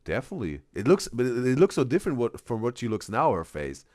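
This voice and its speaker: A man's voice: medium pitch, big pitch swings, fast, a little mellow, no room sound, clean studio sound. A man hosting a casual live-stream reaction, reading chat aloud and rambling with repeated words.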